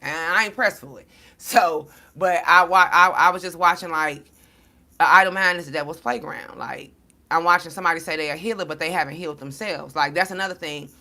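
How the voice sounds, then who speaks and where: Blunt, profane woman with a forceful voice. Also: lowish voice, brisk. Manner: blunt, profane, slang-heavy and animated; storytelling, addressing followers as y'all. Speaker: tarot card reader. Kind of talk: casual direct-to-camera monologue.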